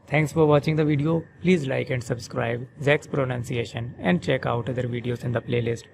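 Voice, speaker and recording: An older man with a gravelly voice in the middle of the usual pitch range teaches pronunciation. He says each word several times, stressing the syllables carefully. A faint hiss sits behind him. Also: moderate pace. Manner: repeats words with careful stress. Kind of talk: slow word-by-word pronunciation lesson.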